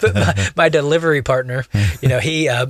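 A man's voice: mid-range voice, animated, fairly quick, a bit bright, no room sound, studio quality. A young man co-hosting a podcast, talking casually in a rambling way with many fillers and restarts. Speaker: podcast co-host.

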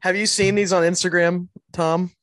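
A man's voice: high-pitched, level tone, moderate pace, fairly bright tone. A man chatting casually, asking curious, offbeat questions. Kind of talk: casual chat.

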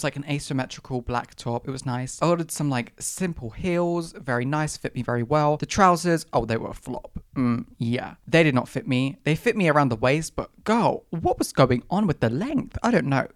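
A man's voice: mid-range voice, no echo, clean studio sound. A young man hosting his own podcast, telling stories from his month in a sassy, dramatic way. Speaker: podcast host. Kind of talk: casual solo podcast storytelling.

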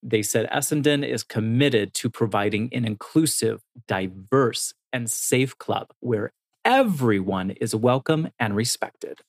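A man's voice: medium pitch, lively intonation, measured pace, no room sound, studio quality. A young man co-hosting a podcast, reading news in a light, joking way. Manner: light, joking, reads quotes aloud. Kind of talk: casual news chat.

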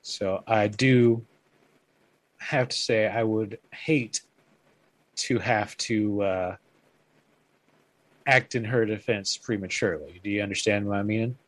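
Brief: male player in character, polite and deliberate, dry recording. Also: on the low side, steady tone, dry recording. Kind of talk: playing a tabletop game in character.

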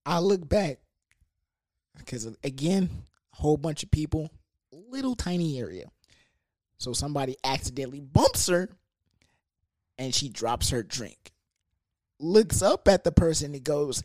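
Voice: medium pitch, expressive, measured pace, pauses often, no room sound, clean studio sound. A young adult telling a comedic storytime about a party, in a loose, slangy, profane manner with lots of fillers. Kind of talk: casual storytime monologue.

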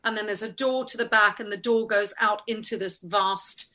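A woman's voice: medium pitch, moderate pace. A woman, an actor, telling a self-deprecating anecdote as a guest in a casual conversation. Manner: animated storyteller, self-deprecating.

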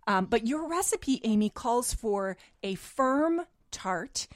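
A woman's voice: on the high side, animated, takes it slowly, dry recording. A woman hosting a radio call-in show, talking in a chatty, conversational way into a studio mic.

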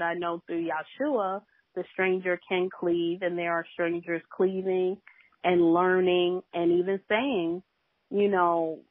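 A woman with a lowish voice tells a faith testimony as a podcast guest, often pausing on "um" as she goes. Her voice comes through a thin, tinny phone line that sounds dry and close. She talks like a minister sharing her story. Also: no echo. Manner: storytelling, with many hesitations.

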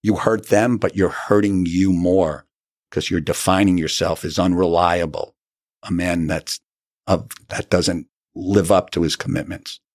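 A man's voice: sits low, steady tone, a little slow, no echo, studio quality. A middle-aged man, an author telling his story earnestly in an interview and acting out the dialogue he recalls. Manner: earnest, acts out quoted dialogue.

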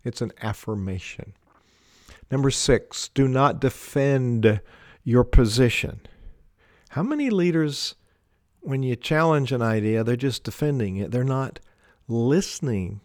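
A man giving a measured talk on leadership, laying out his points one by one with deliberate emphasis. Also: mid-range voice, a little mellow, dry recording, clean studio sound. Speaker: leadership speaker.

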